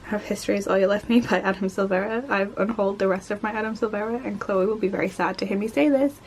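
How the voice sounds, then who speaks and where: A woman chatting casually as a book vlogger, rambling quickly and poking fun at herself. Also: mid-range voice, slight background noise. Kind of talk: casual chat.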